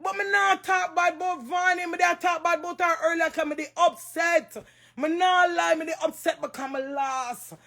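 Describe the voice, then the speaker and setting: A Jamaican woman, a social media personality, cries through an emotional livestream rant, repeating herself emphatically and raising her voice at times. Her voice is very high, creaky and sharp, with a steady tone at a moderate pace.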